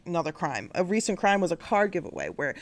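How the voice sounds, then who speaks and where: A woman's voice: lowish voice, very animated, quick pace. A woman hosting a casual commentary stream, blunt and exasperated, rambling with many fillers. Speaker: host of a news and commentary stream.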